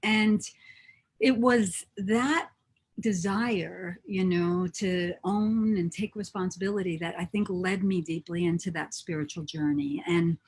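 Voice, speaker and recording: A woman's voice: lowish voice, steady tone, a little slow, darkish tone, husky. A woman from New Jersey, an interview guest, telling her life story in an earnest, reflective way. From New Jersey, USA. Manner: reflective, earnest, with frequent restarts. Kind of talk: conversational storytelling.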